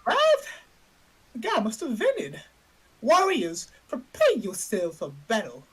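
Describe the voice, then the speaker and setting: A woman voicing an excitable male tribal chief in an amateur script reading, with shrill exclamations and a husky voice. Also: takes it slowly, full character voice, low-quality recording. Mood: alarmed. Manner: shrill exclamations, playful asides.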